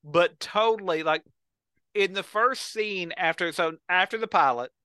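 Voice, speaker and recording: A man's voice: high-pitched, measured pace, sharp tone, clear, resonant tone, no room sound. A man on a podcast, telling a story with enthusiasm and acting out the quotes. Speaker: podcast co-host. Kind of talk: casual chat.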